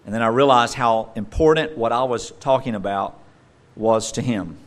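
A middle-aged male pastor delivering a sermon, swinging between loud emphatic stresses and quiet conversational asides. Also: medium pitch, animated, brisk.

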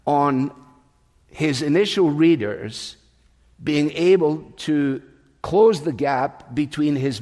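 A man's voice: on the high side, a little mellow. An older man preaching a sermon as pastor, raised in England, in a conversational, storytelling way. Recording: long reverb of a large hall.

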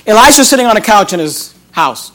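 A man's voice: high-pitched, big pitch swings, fairly quick, bright, forceful tone. A man preaching a sermon as pastor, emphatic, repeating his phrases and acting out the voices in the scripture.

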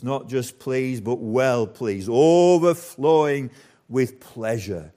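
A man preaching a sermon as pastor, slow and emphatic, with dramatic pauses and repetition. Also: medium pitch, very animated, darkish tone.

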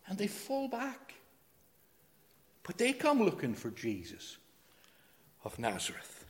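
A man preaching a sermon, emphatic, swinging between loud declarations and hushed phrases. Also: high-pitched, huge pitch swings, takes it slowly. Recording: long hall reverb.

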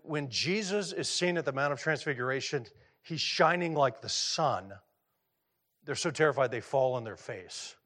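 Middle-aged male pastor, fairly high voice, chatty preaching style with questions for the room. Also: a bit bright. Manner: conversational, asks the audience questions; repeats words when restarting. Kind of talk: sermon.

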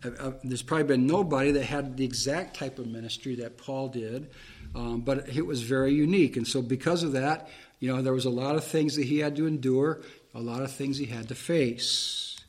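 A man's voice: medium pitch, fairly quick. A man preaching a Bible-teaching sermon, reading verses aloud and explaining them plainly, with fillers and restarts.

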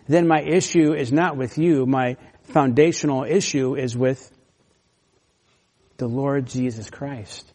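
A man's voice: mid-range voice, darkish tone. Emphatic male pastor in a reverberant hall. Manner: earnest, emphatic, with small laughs and restarts. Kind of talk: sermon.

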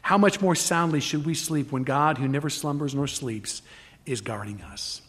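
A man's voice: a little high, moderate pace, fairly bright tone, in a large hall. A man preaching a sermon, emphatic, acting out the stories he retells. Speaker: pastor.

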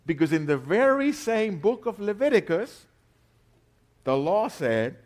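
A man preaching a sermon, swinging between loud emphasis and quiet asides and arguing with imagined questioners. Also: sits high, sing-song, measured pace. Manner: rhetorical back-and-forth questions.

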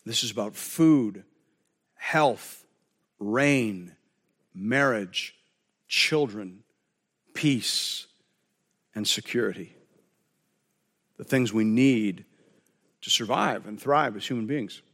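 A man's voice: fairly low pitch, slow, pauses often, a bit bright, big-room sound. A man preaching a sermon as pastor, earnest and conversational, often restarting his phrases.

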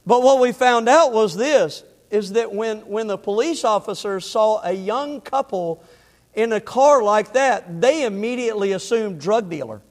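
A man's voice: high-pitched, expressive, a little slow. A middle-aged man preaching in church, telling a personal story in a conversational way, then building to emphatic preaching with repeated phrases. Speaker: pastor. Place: church sanctuary. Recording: long hall reverb.

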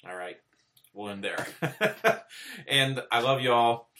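Speaking indoors to a camera, a preacher delivers an informal, earnest, plainspoken sermon. His mid-range voice is bright and forceful at a moderate pace, with slight background noise, and he often checks in with "okay?", restarts, and builds to emphatic repeated peaks.

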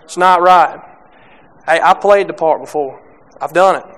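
A young man preaching a sermon, halting with many restarts and fillers, reading scripture and speaking plainly about faith. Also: on the high side, a bit bright.

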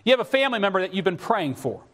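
Male pastor, very high voice, emotional sermon, long hall reverb. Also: big pitch swings, rapid-fire, fairly bright tone. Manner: emotional preaching with rising emphatic bursts.

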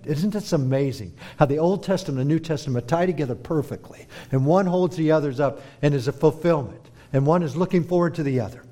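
A man preaching a sermon, dramatic, moving between hushed, slow emphasis and forceful rises. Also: on the high side.

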